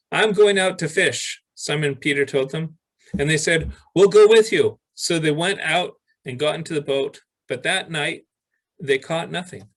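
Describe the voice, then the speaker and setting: A male pastor preaching a sermon, reading scripture aloud with pauses and restarts. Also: on the high side, fairly bright tone, rough recording.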